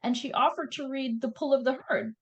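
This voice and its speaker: A woman with a Canadian accent, chatting as a guest author in an interview, telling stories in an animated, laughing way. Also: sits high, a little fast, slightly rough, highs cut off. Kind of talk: casual interview chat.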